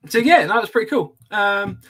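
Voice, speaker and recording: A man tells a story on a podcast in loose, chatty talk, full of ums and little laughs. His voice sits a touch high and sounds bright and forward. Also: lively intonation, slow pace. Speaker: podcast host. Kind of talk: casual chat, anecdote.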